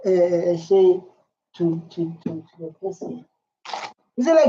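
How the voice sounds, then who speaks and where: A South African woman giving excited, repetitive commentary as a reaction video host, halting with fillers. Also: on the low side, husky. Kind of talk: casual commentary. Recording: dull lo-fi sound with faint ambience.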